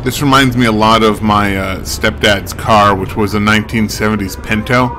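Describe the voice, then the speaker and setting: A man's voice: lowish voice, steady tone, normal speed, pushed and bright. A man chatting casually as he plays a video game, with joking asides. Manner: chatty, self-mocking asides. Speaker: game streamer. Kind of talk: casual let's-play commentary. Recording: game music behind the voice.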